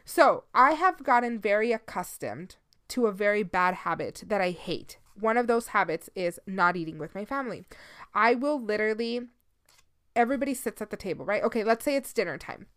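A woman in her thirties hosts a casual solo podcast in a mid-range, fairly bright voice that's expressive and brisk. She talks candidly, swears freely and drops the odd Spanish phrase, sounding a little sleepy and yawning as she goes.

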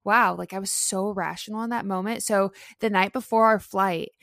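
A woman's voice: medium pitch, brisk, no echo, clean studio sound. A young adult woman co-hosting a podcast, telling a story in casual chat with lots of fillers. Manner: chatty, animated storytelling with many fillers. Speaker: podcast co-host.

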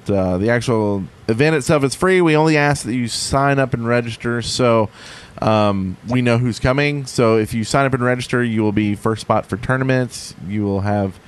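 A man hosting a podcast, chatting casually and reading ads in a rambling, jokey way. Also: mid-range voice. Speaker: podcast host. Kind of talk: casual chat and read ads.

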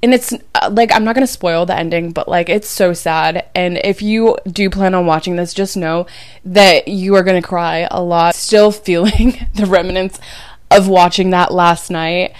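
Young woman host chatting close on a dry mic, kinda drained and low, talks emphatic and confiding. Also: fairly even intonation, measured pace, clear, resonant tone, dry recording. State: low and drained after crying. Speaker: podcast host and dating coach. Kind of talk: casual chat.

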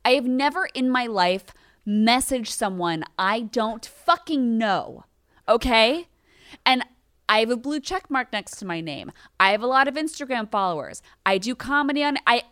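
A woman in her thirties holds forth on a podcast in a casual, profane rant. Her voice sits a little high and comes through smooth and clean. The sound is close and dry. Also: animated, unhurried, fairly bright tone, dry recording. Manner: ranting, profane, exasperated. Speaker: podcast co-host. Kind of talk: casual chat.

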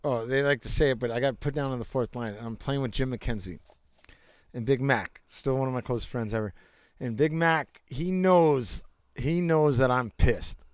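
A man's voice: mid-range voice, normal speed, dry recording. A middle-aged man, a former hockey player, telling stories as a guest in a casual chat, rambling, restarting often and swearing freely. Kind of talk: casual storytelling.

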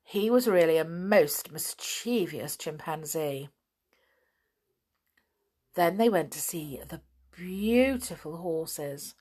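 A woman reading a children's book aloud, expressive and animated, with chatty asides. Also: sits low, slow, pauses often, slightly rough. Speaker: storyteller.

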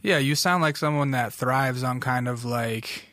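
A man's voice: mid-range voice, measured pace, fairly bright tone, dry recording. A man hosting a casual interview, chatty and agreeable, often fumbling his way into his questions. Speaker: podcast host.

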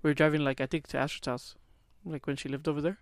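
Fast-talking young man telling stories. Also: fairly high pitch, little pitch movement, no echo, studio quality. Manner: quick, chatty storytelling. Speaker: podcast co-host. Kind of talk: casual chat.

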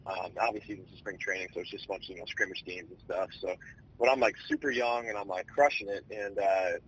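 A man in his twenties, a baseball player, telling his story in a relaxed, rambling way with many fillers. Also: low-pitched, fast, slight background noise, rough recording. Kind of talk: casual storytelling interview.

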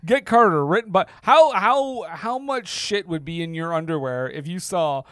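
High-voiced chatty male podcast co-host. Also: normal speed, fairly bright tone. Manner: chatty, incredulous, riffing. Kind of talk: casual chat.

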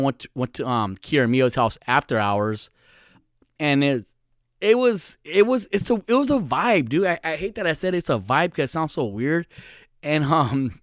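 A man's voice: medium pitch, dry recording, clean studio sound. Profane young man telling podcast stories. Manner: loose, profane, rambling with restarts; slangy with fillers like "dude" and "like". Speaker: podcast host. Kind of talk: casual podcast storytelling.

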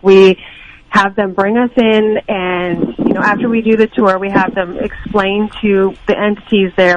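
Lively woman guest telling stories. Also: mid-range voice, slight background noise, low-quality recording. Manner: lively storyteller, acts out quoted exchanges. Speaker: paranormal TV show co-host, guest. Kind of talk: casual podcast chat.

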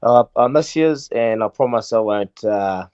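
A man calling in to a podcast, speaking in a friendly, upbeat manner. His voice sits at a middling pitch, with a dry, close sound. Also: unhurried, darkish tone, clear, resonant tone, dry recording, muffled recording. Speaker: guest calling in. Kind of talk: casual chat.

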